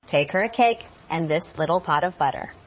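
A woman voicing a fond village mother in a storybook reading, in a gentle way. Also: low voice, animated, brisk. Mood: caring.

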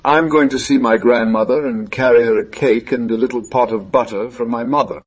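A man with a husky voice voicing an innocent little girl in a storybook reading, asking eager questions. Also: medium pitch, a little fast, natural voice.

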